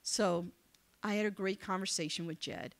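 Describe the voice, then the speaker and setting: A woman giving a motivational speech to young people, telling a story in an animated, conversational way and acting out the dialogue. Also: medium pitch, moderate pace, vocal fry. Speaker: keynote speaker. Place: event venue.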